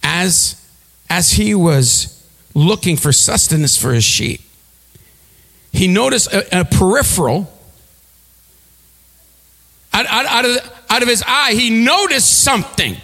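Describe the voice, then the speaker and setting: A man preaching a sermon, telling a story with halting repeats and leading the congregation in call-and-response. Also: sits high, lively intonation, pushed and bright, in a large hall. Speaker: pastor.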